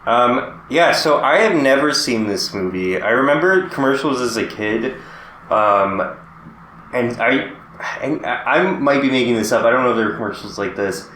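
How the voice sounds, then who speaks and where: Podcast co-host, male, casual joking delivery, mid-pitched voice, roomy echo on the mic. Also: lively intonation, normal speed, pushed and bright, slight background noise. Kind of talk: casual chat.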